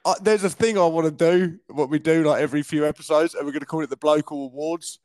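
A man's voice: on the high side, fairly even intonation, fast, a little mellow, dry recording, studio quality. A young man from Kent with a southern English accent, co-hosting a podcast in casual banter, swearing and laughing a lot. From Kent, England. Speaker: podcast co-host.

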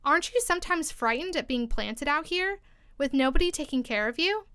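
A curious, polite little girl, as a woman reader puts her on, with a high, bright voice. She asks eager questions, timid and soft-spoken. The sound is clear and dry. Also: expressive, a little fast, dry recording.

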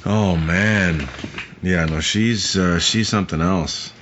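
A podcast co-host with a low, slow male voice chats casually and profanely about movies, drifting into rambling asides. The lo-fi recording is muffled, with a faint hiss.

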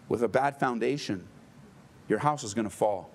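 A man preaching a sermon, emphatic, asking the listeners questions, rising for stress and dropping low for solemn lines. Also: expressive, a little fast. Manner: asks the listeners rhetorical questions. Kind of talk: expository sermon.

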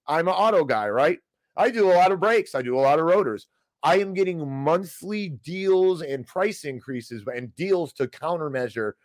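Male podcast host, higher-pitched, heated folksy rambler, dry close sound. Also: dry recording. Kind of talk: casual ranting live stream commentary.

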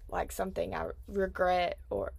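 Young woman with a gravelly fry. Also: lowish voice, moderate pace. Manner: rambling, full of "like" fillers. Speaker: podcast host. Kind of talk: casual chat.

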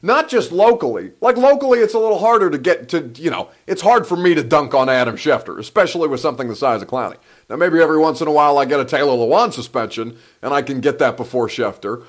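A man hosting a solo live sports talk show, animated and rambling, often breaking off mid-sentence. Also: a little high, quick pace. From Egyptian heritage. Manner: animated, rambling, self-interrupting.

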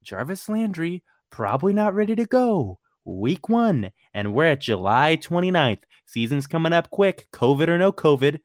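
A man's voice: on the high side, big pitch swings, normal speed, few pauses, no room sound, clean studio sound. A man hosting a casual sports podcast, blunt and emphatic, swearing freely. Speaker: podcast host.

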